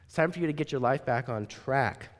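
A man's voice: medium pitch, brisk, close to an everyday voice. A man voicing an elderly woman in her eighties, prim and unshaken, talking in an earnest, insistent way. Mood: scolding. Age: 80s. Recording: long reverb in a large hall.

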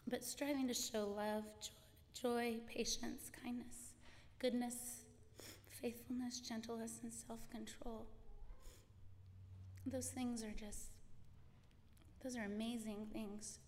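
A woman reading scripture aloud and giving a personal testimony in church, slow and earnest, breaking off and restarting. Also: on the high side, flat delivery, darkish tone. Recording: reverberant hall with faint background noise.

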